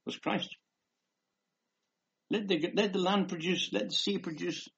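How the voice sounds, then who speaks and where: A man's voice: high-pitched, steady tone, measured pace, creaky, pauses often, a bit bright, breathy edge. A man giving a rambling, emphatic conversational sermon, reading scripture aloud between asides. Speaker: preacher. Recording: dull lo-fi recording.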